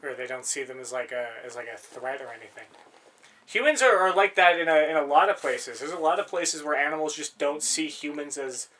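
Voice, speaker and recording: A man's voice: mid-range voice, fairly even intonation, a little fast, few pauses, fairly bright tone. A man in casual chat, rambling through stories, swearing freely and laughing often.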